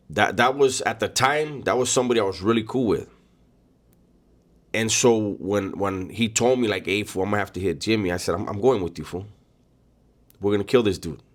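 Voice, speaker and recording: A man with a somewhat low voice recounts his own story in a relaxed, unscripted way. He talks bluntly and swears freely, with plenty of street slang. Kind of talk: casual first-person storytelling.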